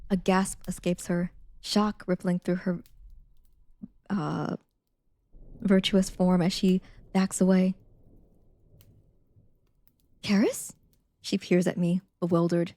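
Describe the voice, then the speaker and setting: Soft-spoken woman with a low, mellow voice. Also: little pitch movement, slow, pauses often, no echo. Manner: soft-spoken, drifts into whispers; chatty with viewers, reads steadily. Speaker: livestreamer. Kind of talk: casual chat and reading a novel aloud.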